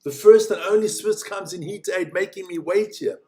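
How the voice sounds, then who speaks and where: On a live watch-along stream, a man with a fairly high voice calls snowboard races with a relaxed, joking style at a moderate pace. He keeps up casual chat between heats and grows excitable when a race begins.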